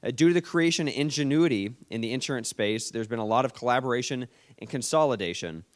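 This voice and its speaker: A man with a warm down-home Tennessee drawl opens a conference from the stage. His voice is smooth and resonant at an ordinary pitch, and he keeps his welcome folksy and friendly. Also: expressive, quick pace. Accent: Southern US, Tennessee. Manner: folksy and friendly, says "y'all" often. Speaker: state insurance commissioner giving welcome remarks.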